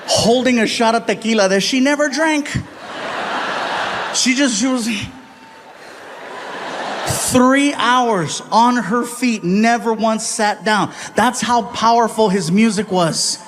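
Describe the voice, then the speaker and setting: Casting: middle-aged male stand-up comic, high voice, animated storyteller with crowd work, live stage mic. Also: slow pace, pauses often, noisy background. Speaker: stand-up comedian.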